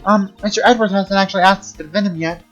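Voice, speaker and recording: A man's voice: high-pitched, fairly even intonation, quick pace, a bit bright, lo-fi sound, soft background music. A man streaming, reading game dialogue aloud and voicing an earnest young male lawyer in his own plain voice, with casual, playful asides.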